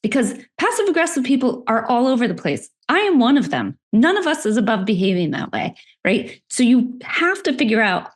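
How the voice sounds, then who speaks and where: A middle-aged woman, a workplace expert, talking as a podcast guest, animated and quick to laugh. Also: fairly high pitch. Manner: animated, laughs often, speaks in quick bursts. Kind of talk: conversational interview.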